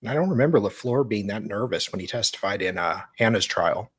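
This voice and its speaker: A man with a somewhat husky, lowish voice chats casually on a stream, mostly chiming in with short agreeable replies. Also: lively intonation, fairly quick, fairly bright tone. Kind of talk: casual livestream commentary.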